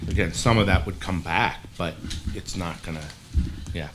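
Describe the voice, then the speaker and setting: A man's voice: low-pitched, background noise. A man who handles the district finances, explaining budget figures in a matter-of-fact way at a board meeting. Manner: matter-of-fact, quick runs of numbers. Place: school board room.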